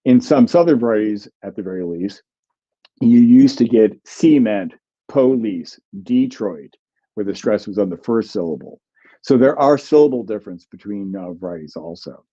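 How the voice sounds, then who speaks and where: Fielding viewer questions on a livestream, a guest linguist author explains things thoughtfully, often saying um and restarting. His lowish, warm voice is animated and a little fast, and the recording sounds muffled.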